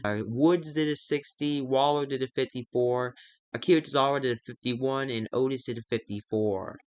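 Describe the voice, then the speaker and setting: A man casually narrating his wrestling sim save, halting and full of fillers. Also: mid-range voice, fairly even intonation, dry recording. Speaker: gaming video creator.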